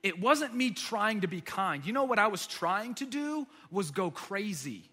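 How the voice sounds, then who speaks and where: A man preaching a sermon, telling stories in an animated way with quick joking asides. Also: sits high, big-room sound.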